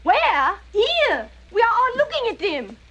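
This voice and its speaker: An actress playing a flustered young maid with a put-on, campy French accent and an excitable, theatrical manner, heard in a dull, lo-fi film clip. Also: female voice, very high-pitched, a little slow, heavily acted. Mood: excited, frightened. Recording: dull lo-fi film audio, faint hiss.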